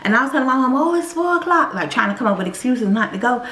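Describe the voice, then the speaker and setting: Woman vlogger, lively storyteller, slightly high voice, roomy echo. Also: very fast. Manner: animated, addresses viewers directly. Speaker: vlogger telling her own story. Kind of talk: casual storytelling to viewers. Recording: echoey room.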